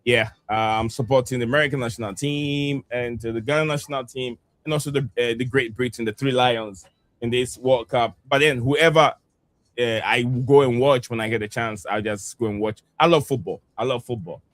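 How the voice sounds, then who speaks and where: A man's voice: mid-range voice, moderate pace. Hesitant man hosting a football stream. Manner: hesitant, many "uh" fillers, talks to the audience directly. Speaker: host of a football live stream. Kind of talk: casual football chat with viewers.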